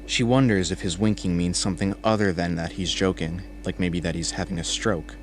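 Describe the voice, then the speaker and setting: Give me a deep-voiced man reading a horror story in an even, measured way. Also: slight background noise. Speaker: narrator. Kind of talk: scripted horror narration.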